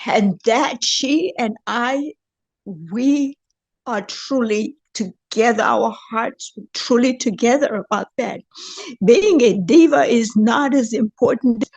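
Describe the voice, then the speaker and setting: A woman's voice: fairly high pitch, a little mellow. An older woman speaking as a podcast guest, earnest and heartfelt, talking about her community. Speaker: guest, dance elder. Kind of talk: conversational interview.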